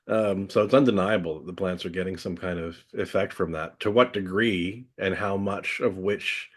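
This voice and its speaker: Low-voiced man musing with fillers. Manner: thoughtful, many fillers like "I mean". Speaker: guest grower. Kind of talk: casual podcast conversation.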